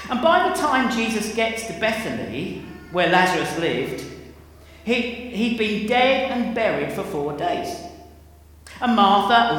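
A man preaching a sermon in a conversational, animated way, with chatty asides. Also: high voice. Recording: echoey church hall with long reverb.

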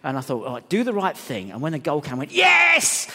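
Animated pastor in an echoing church. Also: male voice, mid-range voice, fast. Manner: animated, storytelling, swings between hushed and loud. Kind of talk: sermon.

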